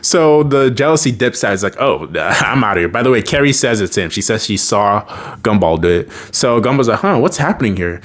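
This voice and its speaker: A man with a fairly low voice casually recapping a cartoon episode. He talks loosely and animatedly, often breaking into laughter. He slips into the characters' voices as he quotes their lines. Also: lively intonation, a little fast, fairly bright tone.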